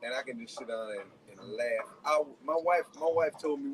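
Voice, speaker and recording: A married man on a podcast, telling stories in casual chat, animated and slangy, laughing often. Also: medium pitch, moderate pace, hardly any pauses, slight background noise, poor audio.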